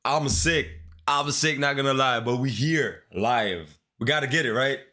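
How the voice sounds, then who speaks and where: A man's voice: mid-range voice, a little slow, sharp tone. A man with a Caribbean accent, chatting casually and in slang with viewers during a live coding stream. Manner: laid-back, slangy, talks straight to viewers. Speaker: livestreamer. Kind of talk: casual livestream chat while coding.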